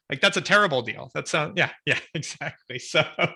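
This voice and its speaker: A man's voice: on the high side, expressive, a little fast, creaky, sharp tone, husky. A man hosting a podcast, chatting casually and telling joking stories to his guest. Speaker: podcast host. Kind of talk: casual interview chat.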